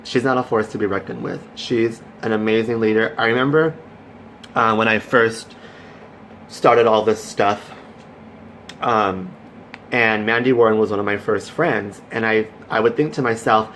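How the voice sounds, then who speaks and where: Speaking at normal speed in a lowish, steady, fairly bright voice, this man runs a casual Facebook Live chat. He's effusive, calling out viewers by name and encouraging them, with slight hiss or hum on the recording.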